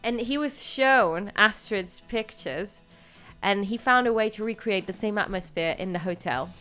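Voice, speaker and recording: A woman hosting a podcast, speaking at an average pitch. She moves between reading out notes and chatting casually, and she hesitates often with fillers. Music plays faintly behind her. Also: measured pace, sharp tone. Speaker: podcast host.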